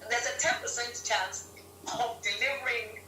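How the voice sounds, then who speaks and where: A woman from Ghana, a guest on a live-stream interview, telling stories in an animated way and laughing often. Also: on the high side, moderate pace, faint music behind. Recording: roomy, distant mic with faint hum.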